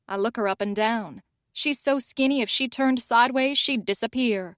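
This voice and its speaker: A woman narrating an audiobook in the first person, wry and expressive. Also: on the high side, moderate pace, no room sound, clean studio sound.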